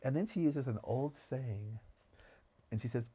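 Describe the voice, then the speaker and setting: A man's voice: medium pitch, unhurried, dark tone, husky. A man co-hosting a podcast, talking about films in an enthusiastic, rambling way. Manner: enthusiastic, digressive storytelling. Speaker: podcast co-host. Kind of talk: casual film discussion.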